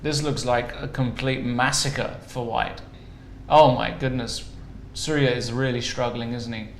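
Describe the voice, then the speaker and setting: A man's voice: mid-range voice, steady tone, a little slow, reverberant, slight background noise. A man commentating live on a chess event, joking and thinking aloud over the moves.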